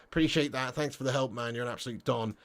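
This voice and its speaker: A man's voice: mid-range voice, fast talker. A man hosting a live football fan stream, reading chat comments and ranting bluntly with plenty of swearing. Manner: swearing, blunt, excitable rants. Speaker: football fan channel host.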